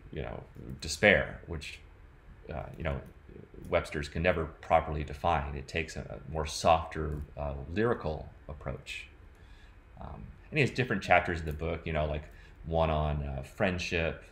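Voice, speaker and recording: Man, very low voice, loose rambling vlog musings, lots of verbal filler. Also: moderate pace, a bit bright. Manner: rambling, full of "like" and "you know". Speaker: vlogger. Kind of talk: casual reflective talk to camera.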